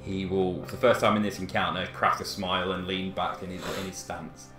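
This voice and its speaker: A man narrating a tabletop game as dungeon master, measured and descriptive. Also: sits low, little pitch movement, sharp tone, soft background music.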